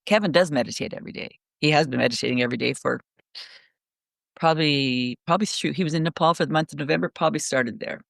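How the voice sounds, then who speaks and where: A middle-aged woman on a remote call, telling stories in a rambling, animated way, full of restarts. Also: deep voice, fast talker, gravelly, no echo, studio quality. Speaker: guest speaker. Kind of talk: casual podcast conversation.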